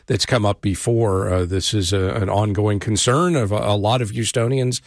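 A man hosting a public radio interview show, speaking in a measured way with frequent "uh" pauses into a studio microphone. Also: lowish voice, no room sound. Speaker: radio talk show host.

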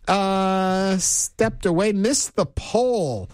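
A man's voice: high-pitched, animated, drawn-out words, dry recording, clean studio sound. A man hosting a radio talk show, chatting casually and reading listener comments aloud. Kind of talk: casual on-air chat with listeners.

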